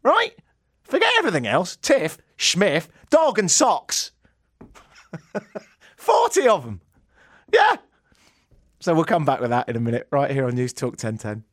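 A man's voice: on the high side, sing-song, a little slow, pauses often, a bit bright, dry recording. A man with an English accent hosting a radio show, telling a rambling, self-mocking story in a casual, joking way. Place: radio studio.

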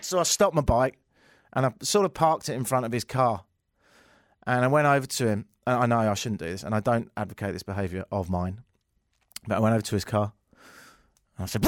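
A man's voice: medium pitch, quick pace, no echo, clean studio sound. A man hosting a radio talk show, telling jokey stories and acting out the other people in them with a raised voice. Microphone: studio microphone.

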